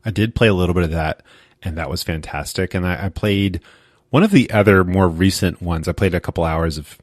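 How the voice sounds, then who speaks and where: A man's voice: deep voice, fairly quick, no room sound, studio quality. A man co-hosting a podcast, talking in a laid-back, hesitant way with many fillers. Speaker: podcast co-host. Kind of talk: casual chat.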